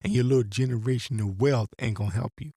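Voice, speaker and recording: Quick-paced and husky yet mellow, this medium-pitched male voice belongs to a religious commentator ranting profanely and reading out scripture in a rambling monologue. It's recorded at studio quality with no echo.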